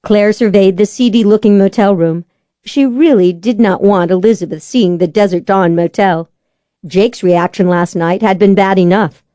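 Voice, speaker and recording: Female audiobook narrator, measured and even; mellow voice, dry studio sound. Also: medium pitch, no room sound.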